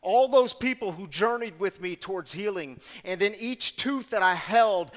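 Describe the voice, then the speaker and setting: A man serving as guest storyteller, delivering a sermon-style story in an animated, conversational way and speaking directly to the audience. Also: high-pitched, long reverb tail.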